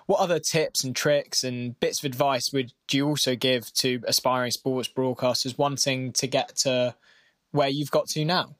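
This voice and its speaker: A man's voice: mid-range voice, steady tone, moderate pace, fairly bright tone, no echo. Male podcast host, dry close sound. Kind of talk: interview questions.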